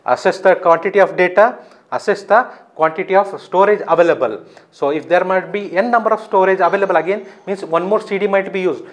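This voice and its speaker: A man's voice: sits high, brisk. A man giving a recorded lecture, explaining step by step, often asking his own questions and answering them.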